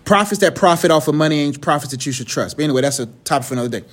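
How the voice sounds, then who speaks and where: A young man preaches in a loose, conversational way, full of slang and jokes. His voice sits high for a man. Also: expressive, rapid-fire. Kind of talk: casual sermon.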